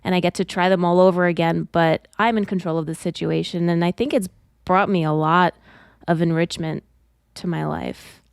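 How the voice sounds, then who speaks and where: A woman's voice: fairly low pitch, fairly even intonation, moderate pace, creaky, clean tone, no room sound, studio quality. A woman guest on a podcast speaking thoughtfully about her own life in casual chat. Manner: thoughtful, reflective.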